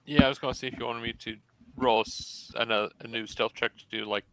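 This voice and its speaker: A man's voice: medium pitch, steady tone, a little fast, sharp tone, poor audio. A man playing in an online tabletop game, hesitant and checking the rules before he acts. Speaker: player. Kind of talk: casual play at a tabletop game.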